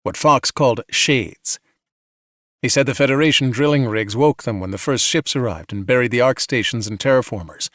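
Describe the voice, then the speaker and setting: A steady male soldier, earnest and reassuring, who talks his comrade through the crisis, as a man reads him. His mid-range voice comes through dry and close. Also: medium pitch, moderate pace, no echo, close to an everyday voice.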